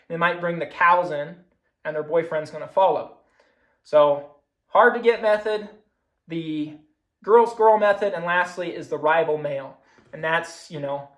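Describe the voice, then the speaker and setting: A man's voice: fairly high pitch, fairly bright tone. Casual man demonstrating turkey calls, echoey room. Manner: casual, explains with hands-on calling demos. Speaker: hunting presenter. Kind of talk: recorded demonstration talk.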